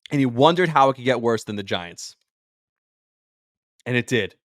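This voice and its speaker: This sports podcast host, also a sports radio personality, has a medium-pitched, expressive, slightly bright voice and a moderate pace. He sounds worn out, rambling emotionally and hopping between ideas, recorded in studio quality with no echo.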